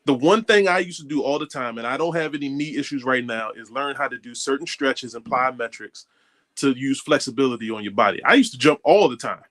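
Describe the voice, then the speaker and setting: A man's voice: mid-range voice, a little fast, fairly bright tone. A man co-hosting casual sports talk, explaining his point earnestly. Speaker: co-host.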